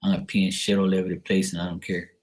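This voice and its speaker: A man with a low voice speaking as his big male pit bull, in a lazy, indifferent drawl. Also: completely flat delivery, rapid-fire, darkish tone.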